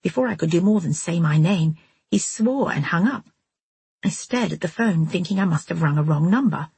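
Woman audiobook narrator, low and husky, steady delivery. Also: moderate pace, dry recording. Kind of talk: scripted first-person narration.

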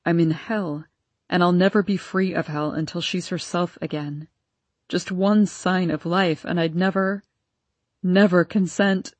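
A woman reading an audiobook, voicing an anguished, devoted husband who pleads with a grief-choked, breathy, lowered voice. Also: fairly even intonation, a little slow, no echo. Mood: pleading, anguished. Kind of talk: audiobook character voice.

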